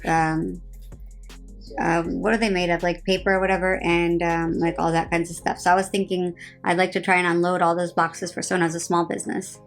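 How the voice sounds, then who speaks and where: A woman's voice: lowish voice, little pitch movement, a little fast, soft background music. A tired woman in her thirties with a New Jersey accent, chatting casually on a phone live stream, rambling with lots of "like" fillers and a sarcastic edge. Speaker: reality TV personality on a live stream.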